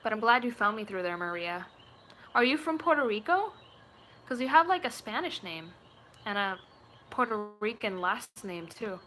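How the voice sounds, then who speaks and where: A woman's voice: mid-range voice, very animated, normal speed, fairly bright tone, a little hiss or hum. A woman video creator chatting casually with her viewers, talkative and self-deprecating. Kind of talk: casual live chat.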